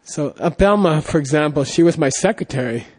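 A man's voice: fairly high pitch, expressive, a little fast, a little mellow. A middle-aged man giving a casual Buddhist teaching, rambling through anecdotes with constant "you know" and "okay?" check-ins. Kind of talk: casual dharma talk with anecdotes.

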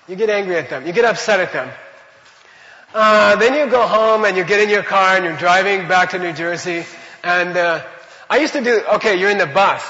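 A man's voice: sits high, bright, forceful tone, in a large hall, lo-fi sound. A man teaching a Buddhist class in a loose, conversational way, full of rhetorical questions and repeated phrases.

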